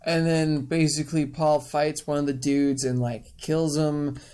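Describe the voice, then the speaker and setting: A man's voice: a little high, flat delivery, unhurried, a little mellow, clear, resonant tone. A drunk young man giving a rambling, crude comic summary of a book, full of fillers.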